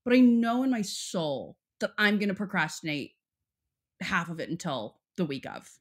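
A young Texan woman co-hosts a podcast, chatting casually and rambling with plenty of "like." Her voice is medium in pitch and very animated, at a normal speed.

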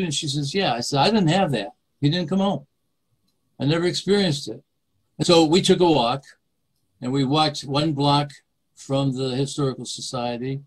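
An older man in his seventies, from New York State, recounts a personal story over a video call. He speaks haltingly, stumbling and restarting his words as he goes. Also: fairly high pitch, rough recording. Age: 70s. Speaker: interview guest, author.

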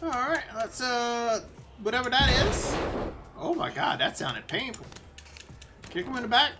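A man giving loud, excitable commentary while playing a video game, swearing and yelling at the game. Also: very high-pitched, a little slow, background noise. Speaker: gaming streamer. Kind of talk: live gameplay commentary.

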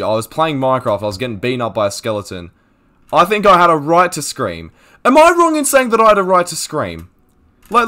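A teenage boy streaming a game live, ranting loudly and swearing freely. His pitch swings up and down constantly as he gets worked up, and his normal pitch sits right in the middle for a guy. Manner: loud, profane, ranting and excitable. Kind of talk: live gaming stream commentary.

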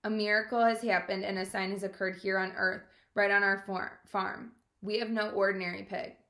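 A woman's voice: mid-range voice, level tone, normal speed, a bit bright, lightly acted. A woman reading aloud as a farmer, solemn and insistent, in a roomy-sounding recording. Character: flustered farmer Mr. Zuckerman, middle-aged man. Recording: roomy echo.

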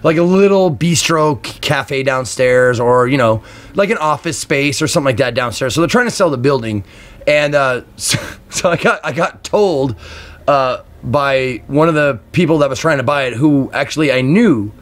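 A man streaming a game live, chatting excitably with crude outbursts at home, with faint game music behind him. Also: mid-range voice, normal speed. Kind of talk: live gameplay commentary. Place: apartment room at home.

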